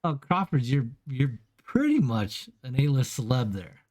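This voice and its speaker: A man's voice: mid-range voice, very animated, measured pace, darkish tone. A man co-hosting a casual podcast, reacting to his friend's story in an easygoing way. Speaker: podcast co-host. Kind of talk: casual chat.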